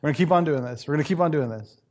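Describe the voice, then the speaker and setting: God as a sermon storyteller hears him: patient and playful, coaxing his opponent to keep on wrestling, as a preacher puts him on. The voice sits a little high and stays easygoing. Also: very fast, a little mellow, natural voice.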